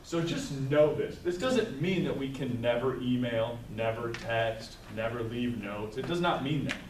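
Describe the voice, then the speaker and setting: A man with a medium-pitched, somewhat dark voice runs a live staff training session in a room set with tables. He talks conversationally, tells stories, and tags his points with "right?" as he goes. The mic sits far away in an echoey room, with faint background noise.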